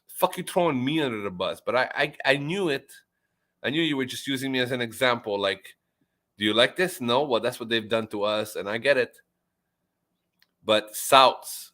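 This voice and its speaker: Man, mid-pitch bright edgy voice, sweary loud stammering ranter in a casual chat. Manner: loud, swearing, pitch jumping when riled; stammers and repeats himself. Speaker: chat participant. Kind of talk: casual profane rant.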